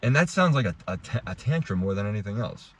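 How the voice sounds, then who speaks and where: A man's voice: fairly low pitch, big pitch swings, quick pace. A young adult man giving a heated, rambling casual rant to camera, restarting and swearing as he talks. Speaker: vlogger.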